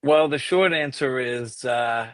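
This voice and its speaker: An American tenor answers questions slowly and in a relaxed way, laughing easily. The recording is dry and close. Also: male voice, mid-range voice, no room sound. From United States. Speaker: guest tenor. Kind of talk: casual interview answers.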